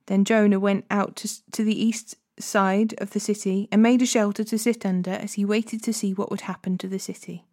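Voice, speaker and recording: A woman hosting a daily Bible challenge, reading scripture aloud in a steady, measured way. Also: medium pitch.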